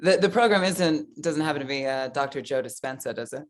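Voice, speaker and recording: A woman's voice: low-pitched, lively intonation, brisk. A woman on a video call in a sales-training chat, polite and a little hesitant, thanking her partner and laughing along.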